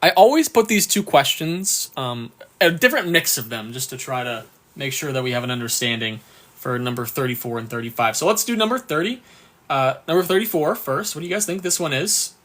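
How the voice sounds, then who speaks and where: A man's voice: on the high side, expressive, fairly bright tone. A man teaching on a live stream, going through exam questions one by one and cheerfully thanking viewers, with a bout of hiccups. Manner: upbeat, reads questions slowly, thanks viewers often. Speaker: exam prep tutor.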